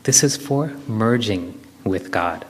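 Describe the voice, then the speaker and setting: A man's voice: on the low side, expressive, takes it slowly. A man giving a spiritual lecture to an audience, explaining step by step with everyday examples. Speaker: spiritual speaker. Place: hall with an audience. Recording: reverberant lecture hall.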